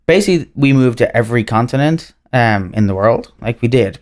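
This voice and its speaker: A man's voice: medium pitch, animated, a little fast, a little mellow. An Irish man from Ireland, a guest on a podcast, talking casually and rambling with plenty of ums and likes. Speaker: podcast guest, whiskey brand representative. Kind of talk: casual interview chat.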